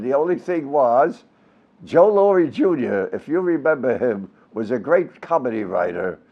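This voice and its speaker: A man's voice: mid-range voice, dull audio. A man in his nineties with a Brooklyn and Yiddish-tinged accent, telling stories in an interview with many fillers and restarts. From United States. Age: 90s. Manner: rambling, animated storyteller with many fillers and restarts. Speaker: veteran Yiddish theater actor, guest. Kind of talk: storytelling interview.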